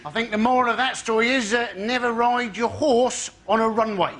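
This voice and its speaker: A male comedian delivering dry, deadpan observational one-liners. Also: extremely high pitch, normal speed, heavy background noise. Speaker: comedian panellist.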